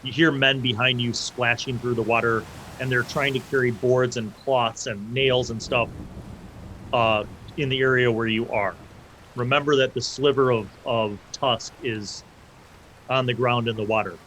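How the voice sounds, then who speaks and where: A man narrates a tabletop game as game master. He rambles, with many fillers and restarts, in a middle-pitched voice. Faint background noise sits under the recording. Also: fairly even intonation, normal speed, fairly bright tone.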